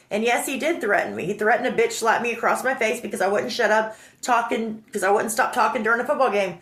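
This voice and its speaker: A woman telling a personal story in an animated, indignant way, acting out the dialogue. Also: fairly high pitch, brisk, few pauses. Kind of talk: emotional storytelling. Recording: roomy echo.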